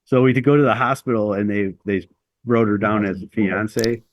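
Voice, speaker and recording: A man's voice: on the low side, normal speed, slight background noise. A middle-aged man telling a long personal story as an interview guest, rambling and self-deprecating with lots of fillers.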